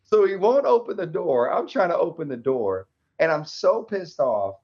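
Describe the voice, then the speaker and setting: Animated man telling a story. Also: on the high side, moderate pace, slightly rough. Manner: animated, laughs often, acts out quoted dialogue. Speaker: podcast guest, army veteran. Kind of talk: candid storytelling in an interview. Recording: slightly dull lo-fi audio.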